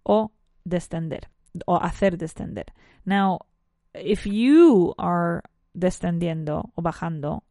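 Lady teaching english words, chatty, kinda low voice, dry close sound. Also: mellow, no echo. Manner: switches between English and Spanish, self-correcting, chatty asides. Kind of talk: bilingual lesson, teaching English vocabulary to Spanish speakers.

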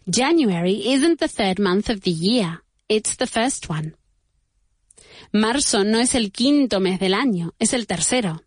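A woman teaching English pronunciation to beginners, saying each word slowly and repeating it. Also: mid-range voice, expressive, husky, no echo, studio quality. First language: Spanish. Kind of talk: bilingual pronunciation lesson for beginners.

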